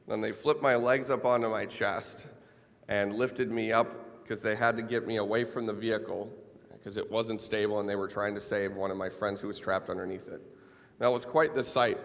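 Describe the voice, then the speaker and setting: A man's voice: lowish voice, fairly bright tone. Wry man telling a story in a reverberant hall. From Minnesota. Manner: wry, self-deprecating humor in a personal war story. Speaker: keynote speaker. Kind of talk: storytelling keynote speech. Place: large event hall.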